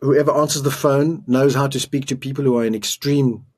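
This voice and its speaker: Man, middle-aged, from South Africa, podcast guest, earnest storytelling, restarts, husky voice. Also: mid-range voice, fairly even intonation, brisk, a little mellow. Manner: earnest, emotional retelling with restarts.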